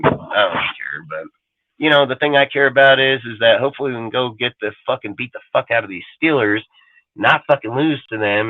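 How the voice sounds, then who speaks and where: A man's voice: mid-range voice, dry recording. A man hosting a live sports talk show, ranting angrily and swearing constantly in a rambling way. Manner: angry, foul-mouthed, rambling. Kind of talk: profane live-stream rant. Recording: dry phone-like audio.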